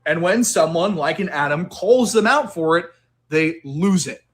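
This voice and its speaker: A man's voice: fairly high pitch, measured pace. A man giving online political commentary, laying out his argument step by step. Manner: steady, argumentative.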